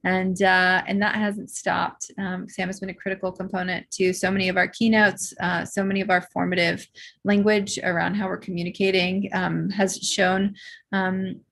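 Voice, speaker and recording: Female host for a video call, eager, lots of ums, gravelly and a little husky. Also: mid-range voice, level tone, normal speed, fairly bright tone. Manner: enthusiastic, many fillers. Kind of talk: live online event hosting.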